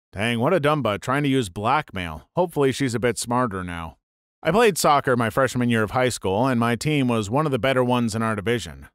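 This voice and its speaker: A man narrating online stories aloud in a steady, matter-of-fact read. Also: mid-range voice, dry recording, studio quality. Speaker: story narrator.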